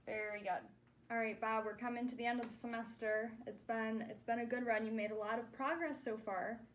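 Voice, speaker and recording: A woman's voice: fairly high pitch, steady tone, fairly quick, slight background noise. A woman speech clinician giving a therapy demonstration, patiently modeling words and praising each try.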